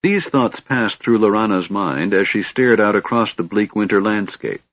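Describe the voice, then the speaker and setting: A man narrating a fantasy audiobook in a measured storytelling manner, in a dull lo-fi recording. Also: lowish voice, no room sound.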